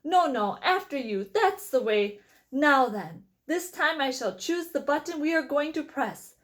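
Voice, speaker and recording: A woman reading aloud and voicing an excitable, eccentric male candy maker with a bubbly, theatrical manner. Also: sits high, measured pace. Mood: delighted.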